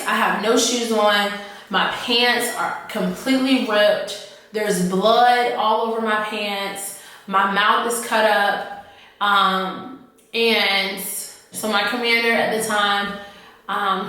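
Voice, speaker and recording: A woman officer telling a personal story in a halting, earnest way, often repeating herself. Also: mid-range voice, fairly even intonation, bright, forceful tone. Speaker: army officer recounting her experience. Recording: echoey room, voice from off-mic.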